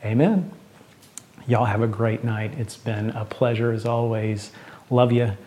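Earnest middle-aged pastor, mellow voice. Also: male voice, lowish voice, level tone, a little slow, slight background noise. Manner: earnest, conversational storyteller. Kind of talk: sermon with storytelling and closing prayer.

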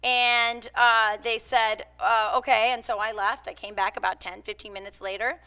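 Bright-voiced woman giving a talk. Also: on the high side, fairly even intonation, moderate pace, clean tone. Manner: conversational, frequent fillers. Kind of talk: public speech with personal anecdotes.

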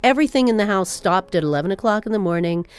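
A woman telling a personal family story in an animated, wry way. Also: medium pitch, quick pace, soft background music.

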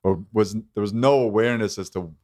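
Male comedian guest, lowish voice, calm and reflective, dry close sound. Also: fairly quick, no room sound. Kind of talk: casual chat.

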